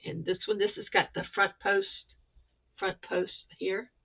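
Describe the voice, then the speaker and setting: A woman's voice: medium pitch, unhurried, creaky, husky. Gushing woman crochet vlogger, tinny sound. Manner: gushing, excited, chatty. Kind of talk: casual show-and-tell chat.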